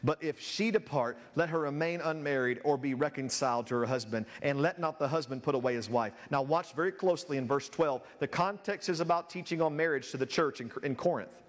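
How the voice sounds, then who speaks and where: A man's voice: fairly high pitch, brisk, few pauses, long reverb tail. A man preaching a sermon as a pastor, reading scripture aloud and building in intensity.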